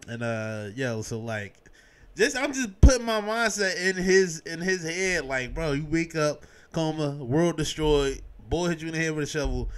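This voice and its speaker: A man hosting a casual podcast, talking in a lively, slangy way and acting out scenes as he recaps a show. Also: on the high side, normal speed, clear, resonant tone. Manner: animated, slangy, acts out scenes with quoted voices. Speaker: podcast host.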